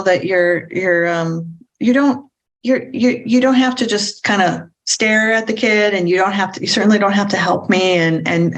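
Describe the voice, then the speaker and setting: A woman giving an informal spoken lecture on parenting, talking in halting bursts with frequent restarts and acting out what children and parents say. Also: fairly low pitch, rough recording. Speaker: parenting educator.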